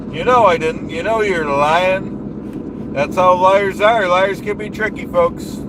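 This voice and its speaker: A man doing a comedic in-character rant as a livestreamer, bombastic, boastful and repetitive, recorded in a car. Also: sits high. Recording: noisy car interior.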